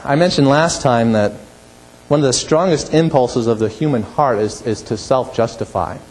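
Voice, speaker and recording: A male pastor preaching a sermon, emphatic, rising to forceful peaks and dropping low. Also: normal speed, poor audio.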